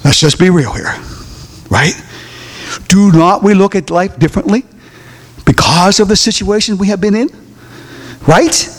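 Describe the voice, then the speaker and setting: A man preaching a sermon with call-and-response questions to the congregation, acting out the voices of the people in the story and rising to shouts. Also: sits high. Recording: long hall reverb.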